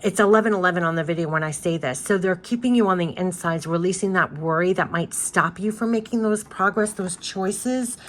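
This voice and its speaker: Lower-voiced woman giving an emphatic card reading. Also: a little fast, few pauses. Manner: repetitive, emphatic and reassuring; loose and rambling with many restarts. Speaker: tarot card reader.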